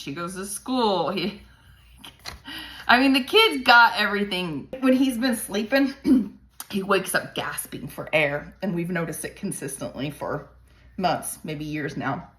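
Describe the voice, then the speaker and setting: A woman's voice: mid-range voice, bright, forceful tone. A woman in her thirties venting candidly to camera about her hard days as a parent, swearing often and joking darkly while sounding worn out. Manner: profane, darkly humorous, venting. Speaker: parent vlogger. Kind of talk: candid talking-to-camera vlog.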